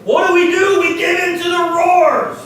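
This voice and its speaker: A man preaching a sermon, shouting his points with many "uh" fillers and then dropping to quiet asides. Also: very high voice, steady tone, moderate pace. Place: church hall. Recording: echoey hall picked up from far off, faint hiss.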